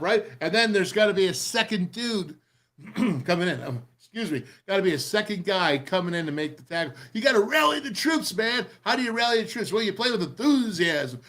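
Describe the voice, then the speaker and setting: A middle-aged man hosting a show, excitedly breaking down football game film in a rambling, pumped-up way. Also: sits high, brisk.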